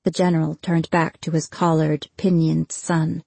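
A woman narrating a fantasy audiobook in a measured, steady way. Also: sits low, gravelly, slightly rough, no room sound.

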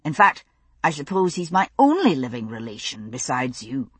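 A woman's voice: rumbling low, big pitch swings, moderate pace, fairly bright tone, slightly rough, dry recording, voice pushed down, heavily acted. A woman voicing a firm, tender lover. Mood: sleepy, musing. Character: young man, tender, stubborn, reassuring lover.

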